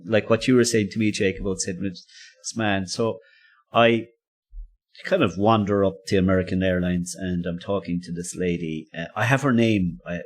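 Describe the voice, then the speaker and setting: A man's voice: sits low, steady tone, moderate pace. A man and podcast co-host, telling a personal story casually, rambling and self-interrupting with frequent laughs.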